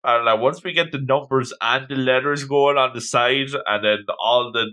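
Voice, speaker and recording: A man's voice: medium pitch, moderate pace, sharp tone. A man co-hosting a casual chat, mostly adding short reactions. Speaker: podcast co-host.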